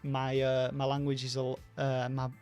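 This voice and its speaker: A man with a softened Rochdale accent from Greater Manchester, chatting on a livestream as host and answering viewer questions, rambling with many fillers and restarts. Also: mid-range voice, completely flat delivery, normal speed, clear, resonant tone, faint music behind. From Northern England. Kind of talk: casual livestream chat.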